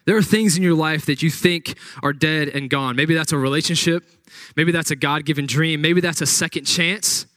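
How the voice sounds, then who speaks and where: Man, pastor, sermon, fairly high voice, dry close recording, dramatic storytelling. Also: moderate pace, a bit bright, no room sound. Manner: dramatic retelling with acted-out quotes.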